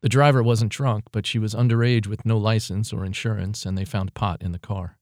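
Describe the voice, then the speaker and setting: A man narrating a story in a steady, measured reading. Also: lowish voice, no echo, studio quality. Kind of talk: audiobook narration.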